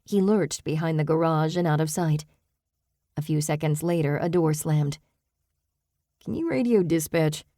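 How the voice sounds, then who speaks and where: A woman narrating a cozy mystery audiobook in an even, measured storytelling manner. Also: low-pitched, no room sound, clean studio sound. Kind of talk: scripted narration.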